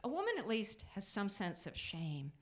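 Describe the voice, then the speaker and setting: A middle-aged woman works a live theater crowd through a handheld stage mic. Her stand-up is chatty and self-mocking, with quick asides to the audience. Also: mid-range voice, huge pitch swings. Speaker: stand-up comedian. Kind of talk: stand-up comedy set.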